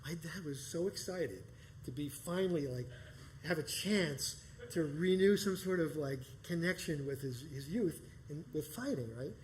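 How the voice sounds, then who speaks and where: A man telling a personal story live on stage, animated and profane, often breaking into laughter. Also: on the high side, moderate pace, a little hiss or hum, rough recording. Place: performance space stage.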